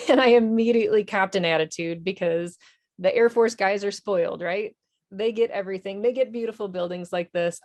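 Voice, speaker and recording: A woman's voice: mid-range voice, brisk, a little mellow. A woman, an Army veteran and nonprofit director, telling her story in a TV interview in an earnest, candid way with small restarts.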